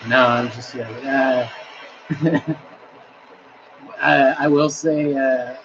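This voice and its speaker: A man's voice: mid-range voice, steady tone, very slow, background noise. A man hosting a casual livestream from home, rambling in a laid-back way and reading viewers' chat aloud. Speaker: livestream host. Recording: slightly muffled, faint music behind.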